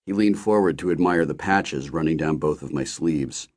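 A man narrating a novel in the first person with expressive storytelling. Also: rumbling low, moderate pace, few pauses. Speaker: audiobook narrator.

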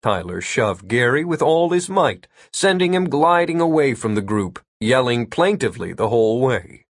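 A man narrating a comic fantasy story in an even, measured storytelling manner. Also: medium pitch, no room sound, clean studio sound. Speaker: audiobook narrator.

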